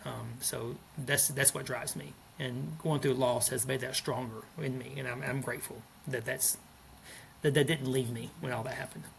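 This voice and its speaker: Gravelly, gentle man in his fifties. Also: mid-range voice, steady tone, moderate pace, slight background noise. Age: 50s. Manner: gentle, earnest, many restarts. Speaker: school principal, guest. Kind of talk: reflective podcast interview.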